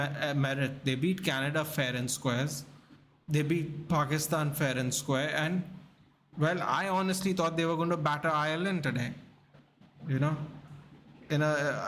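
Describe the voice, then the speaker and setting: Give me a tired male sports streamer, slightly high voice, rambling casually with a faint hum in the background. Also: a bit bright. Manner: chatty, rambling, reacting to the match while answering chat. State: tired, yawning. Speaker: host of a live sports watchalong. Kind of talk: casual live-stream chat.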